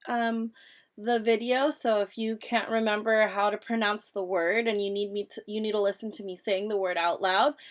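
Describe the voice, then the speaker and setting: A woman's voice: mid-range voice, rough recording. A woman teacher giving a remote reading lesson to young children, patient and step-by-step, often checking in with "right?".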